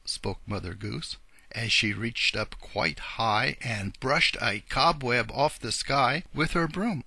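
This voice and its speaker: A man reading a children's storybook aloud in an expressive, animated way. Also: mid-range voice, a little slow, creaky, slightly rough, dry recording. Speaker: audiobook reader. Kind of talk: scripted narration of a children's story.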